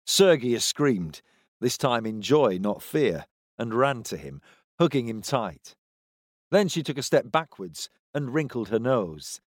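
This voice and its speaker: Reading from a novel, a male narrator delivers scripted audiobook narration with measured expression in a mid-range voice. The studio-quality recording is free of echo.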